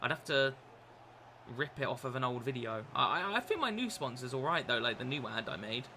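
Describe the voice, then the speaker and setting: A man's voice: mid-range voice, sing-song, fairly quick, bright, forceful tone, a little hiss or hum. A young man chatting casually on a live stream while gaming, rambling with lots of fillers and restarts. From England.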